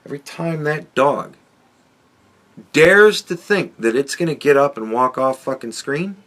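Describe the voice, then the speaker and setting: Bright-voiced, foul-mouthed male podcast host. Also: a little high, expressive, measured pace. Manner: sardonic, swears a lot, chuckles often. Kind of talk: profane commentary monologue.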